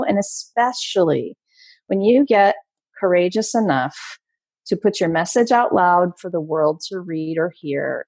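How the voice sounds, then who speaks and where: A woman's voice: sits low, no echo. A middle-aged woman, a podcast guest, speaking passionately and motivationally in casual conversation. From Maryland, USA. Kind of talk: casual interview chat.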